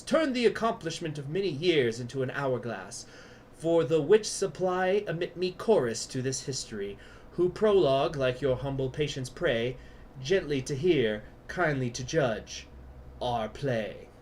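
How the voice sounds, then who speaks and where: A man putting on a grand British accent to voice a male warlord declaiming a stage prologue slowly and theatrically. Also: medium pitch, a little hiss or hum. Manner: slow, declamatory stage recitation.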